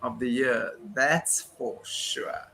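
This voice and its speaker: A man's voice: mid-range voice, fairly even intonation, takes it slowly, sharp tone, slight background noise. An older man hosting a casual online chat show, chatty and joking, laughing easily. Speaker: host.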